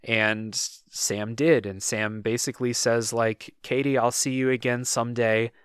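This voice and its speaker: Podcast host, man, smooth clear voice, dry close sound, laid-back talker. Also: medium pitch, a little slow, no echo. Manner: relaxed storytelling, many "like"s. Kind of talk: casual chat.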